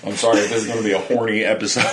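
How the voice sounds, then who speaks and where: A man's voice: lowish voice, steady tone, quick pace, background noise. A young man co-hosting a podcast, chatting casually with crude jokes and frequent laughter. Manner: crude, joking, laughs often. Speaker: podcast co-host. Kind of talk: casual chat.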